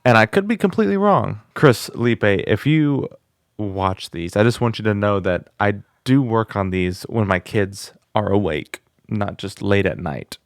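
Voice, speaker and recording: A man's voice: fairly low pitch, measured pace, no room sound, studio quality. A man hosting his own music channel, chatting casually while he works through a beginner singing course and tries the vocal exercises aloud. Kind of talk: casual vlog lesson. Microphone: studio microphone.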